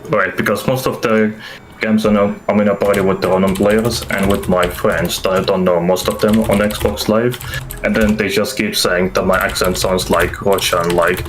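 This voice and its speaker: Deep-voiced accented man on a call. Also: steady tone, normal speed, a little hiss or hum, rough recording. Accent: strong foreign accent. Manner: rambling, repeats "too as well". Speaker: guest on stream. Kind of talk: casual chat over voice call. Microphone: headset over internet call.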